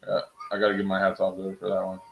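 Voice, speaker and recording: A young man streaming from home, chatting casually with his viewers in an excitable, rambling way and laughing at himself. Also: sits low, racing, vocal fry, echoey room, poor audio. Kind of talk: casual live-stream chat.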